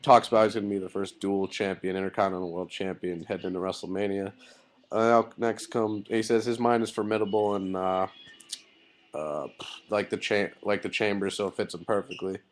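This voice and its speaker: A man's voice: deep voice, fairly even intonation, brisk. A man giving a casual video review of a wrestling show, loose and rambling with many fillers and blunt, swearing opinions. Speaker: wrestling vlogger.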